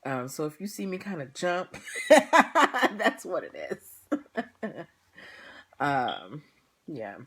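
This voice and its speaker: A woman's voice: fairly low pitch, wildly swooping pitch, very slow, pauses often, fairly bright tone, slightly rough. A young woman hosting a livestream, chatting casually with viewers, tired and laughing often. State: tired, yawning. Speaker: livestream host. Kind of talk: casual pre-show chat to viewers.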